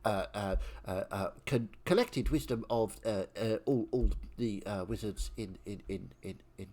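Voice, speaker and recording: A man's voice: fairly low pitch, dark tone. Stammering man at a tabletop game. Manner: stammering, halting. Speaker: player. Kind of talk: tabletop play.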